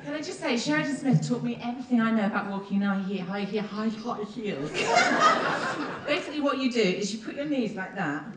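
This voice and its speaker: Woman, giggly and rambling, lively swooping delivery; distant echoey theatre sound. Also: on the high side, quick pace, hardly any pauses, very noisy. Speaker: award winner giving acceptance speech. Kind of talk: acceptance speech. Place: large theatre stage. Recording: echoey theatre, far from mic, loud audience. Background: audience laughter.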